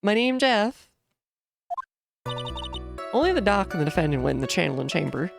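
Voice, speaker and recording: A woman's voice: lowish voice, big pitch swings, moderate pace, gravelly, music in the background, pitched above the performer's own voice. A woman doing a blunt male witness. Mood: insistent. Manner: clipped, blunt statements. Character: male witness, blunt, plain-spoken man.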